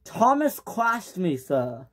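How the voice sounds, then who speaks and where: A woman voicing a proud, hot-tempered young male engine who cries out in shrill accusations. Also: sing-song, takes it slowly, a bit bright, slight background noise. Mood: accusing.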